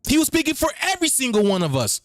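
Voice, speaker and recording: A man hosting a show, talking in an animated, rambling way and repeating his phrases. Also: very high voice, very fast, dry recording, studio quality. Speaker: host. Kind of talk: freewheeling spoken commentary.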